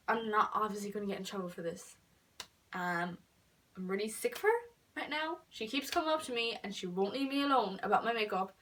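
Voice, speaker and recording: A teenage girl telling a story in a casual vlog, chatty and full of fillers, dropping to whispers and then bursting out loud. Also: mid-range voice, far from the mic, slight background noise. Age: teens. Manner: chatty, filler-heavy, swings between whispered asides and loud outbursts. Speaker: vlogger.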